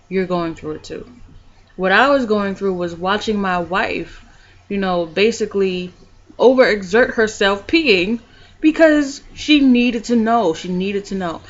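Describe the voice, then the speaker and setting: A woman vlogging about her own life, shifting between calm, soft reflection and animated retelling of scenes. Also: medium pitch, lo-fi sound. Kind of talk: personal storytelling vlog.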